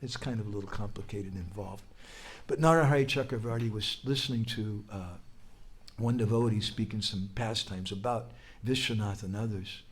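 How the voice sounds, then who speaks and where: A man giving a storytelling sermon at a religious festival, animated, leaping up in pitch and volume when he quotes someone, with humorous asides and prompts like "huh?" to his listeners. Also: moderate pace, slight background noise. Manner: animated, leaps high and loud when quoting and crying out.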